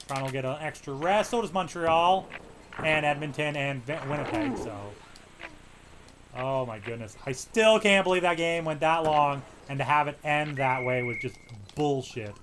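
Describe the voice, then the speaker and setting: A high-pitched, bright young man calling a hockey video game like a fan. He mutters between plays and bursts into shouts on the big saves. A faint hiss of noise sits under his voice. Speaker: let's play host. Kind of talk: excited play-by-play game commentary.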